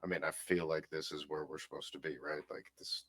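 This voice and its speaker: A man's voice: a bass voice, fairly even intonation, brisk, fairly bright tone. A man taking part as a player in a tabletop game, talking in a hesitant way with many fillers. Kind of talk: casual tabletop play.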